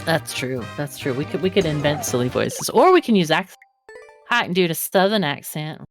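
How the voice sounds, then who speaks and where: Woman co-caster, low-pitched, lively and giggly, music behind. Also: moderate pace. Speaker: co-commentator. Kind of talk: casual game commentary.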